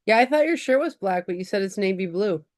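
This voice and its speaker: A woman co-hosting a casual chat, playful with quick reactions. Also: medium pitch, lively intonation. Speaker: podcast co-host.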